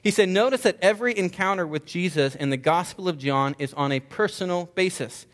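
A man's voice: high-pitched, fairly quick, fairly bright tone, long reverb tail. A male pastor delivering an earnest sermon, stressing points with repeated rhetorical questions.

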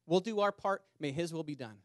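An earnest male pastor delivering a sermon to a small congregation, his voice sitting a touch high for a man. He repeats phrases and slows down to press a point home. The sound is close and dry, with little room echo. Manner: earnest, repeats words, speeds up and slows for emphasis. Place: small church meeting in a community center.

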